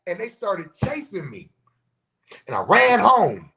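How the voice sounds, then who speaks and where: A middle-aged man with a notably high voice tells stories on a podcast in a loose, profane way. He keeps things animated, slipping into the voices of the people in his tale. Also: slow pace, vocal fry. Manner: profane, animated storyteller who acts out quotes. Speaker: podcast host. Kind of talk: casual storytelling.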